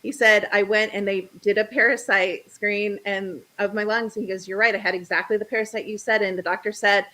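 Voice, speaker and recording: A middle-aged woman talking as a guest in a relaxed interview. She tells stories in a lively way and puts on the voices of the people she quotes. Her voice sits in an ordinary middle range. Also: mid-range voice, a little fast, hardly any pauses, rough recording. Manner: animated storyteller, acts out quoted voices. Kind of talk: casual interview chat.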